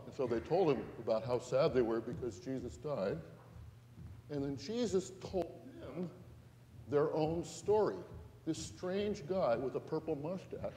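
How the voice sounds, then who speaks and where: A man's voice: fairly high pitch, a little mellow, a little hiss or hum. A man pastor giving a playful, interactive children's sermon, asking the kids questions and getting them moving. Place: large church sanctuary. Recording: echoey church hall.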